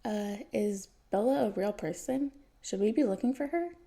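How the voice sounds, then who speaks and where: A woman's voice: normal speed, vocal fry, warm tone. A woman voicing a nervous female police captain who asks hesitant questions. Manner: hesitant, squeaky.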